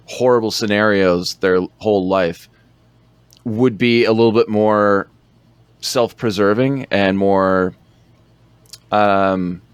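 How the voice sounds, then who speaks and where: Low-voiced man in casual podcast chat. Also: smooth, dry recording. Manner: laid-back, hesitant with fillers, quotes lines in a low growl. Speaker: podcast co-host. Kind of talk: casual film review chat.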